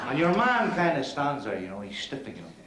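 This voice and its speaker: An actor playing a crude, cheeky middle-aged club comic from Belfast, with a Northern Irish accent, doing a bawdy stand-up routine on stage. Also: male voice, mid-range voice, wildly swooping pitch, quick pace, over a noisy crowd, heavy background noise. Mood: cheeky patter. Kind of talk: 1970s TV drama, stand-up routine. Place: club stage before an audience. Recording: roomy club hall, loud audience.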